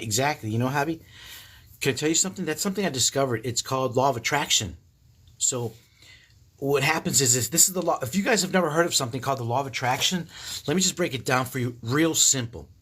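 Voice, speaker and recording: A man in his fifties chatting casually on a livestream, telling stories in a profane, animated way with frequent laughs. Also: medium pitch. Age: 50s. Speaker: livestream host. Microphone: phone.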